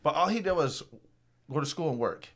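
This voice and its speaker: A man in his fifties telling a long, rambling, profane story on a podcast, lively when quoting people. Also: fairly high pitch, fairly quick. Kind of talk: casual storytelling.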